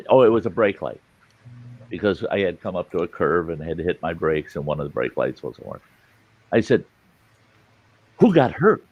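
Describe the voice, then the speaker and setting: A man telling a story in casual chat, animated, cursing casually. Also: on the low side, normal speed, breathy edge, dry recording, dull audio.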